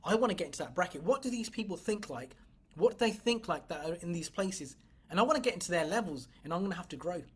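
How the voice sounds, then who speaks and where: A woman business coach with a fairly low, slightly rough voice talks fast with lively intonation. Giving a motivational livestream talk, she's blunt and emphatic, swears freely, and speaks straight to her viewers.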